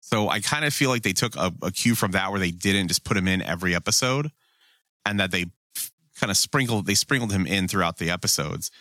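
Profane, animated man. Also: low voice, no room sound, studio quality. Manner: profane, animated, quick to act out quotes. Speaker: podcast co-host. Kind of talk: casual chat.

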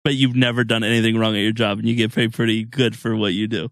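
A man with a lowish voice chats on a podcast, dry and teasing. The sound is close, with no room around it. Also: little pitch movement, quick pace, a bit bright, no echo. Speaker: co-host.

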